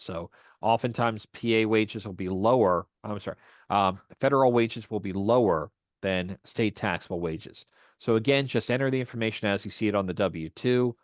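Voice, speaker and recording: A man teaching volunteer tax preparers, walking through a form step by step in a steady explanatory way with frequent fillers. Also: on the low side, no echo, studio quality. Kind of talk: instructional walkthrough.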